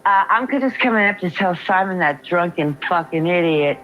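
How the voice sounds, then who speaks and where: A woman calling into a livestream, furiously swearing and shouting over a heckler. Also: on the low side, lively intonation, moderate pace, highs cut off. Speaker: livestream caller. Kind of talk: heated livestream argument.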